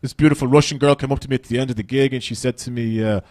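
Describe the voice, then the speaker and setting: A man's voice: mid-range voice, steady tone, rapid-fire, a little mellow, no echo, studio quality. An Irish man doing stand-up comedy on a festival stage, brash and profane, rambling through his stories.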